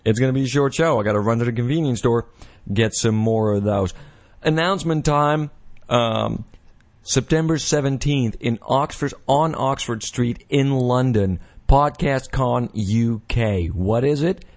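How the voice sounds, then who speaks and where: A man hosting his own podcast in a casual, rambling way, correcting himself and filling pauses as he goes. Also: mid-range voice. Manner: rambling, self-correcting, many fillers. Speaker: podcast host. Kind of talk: casual solo podcast talk.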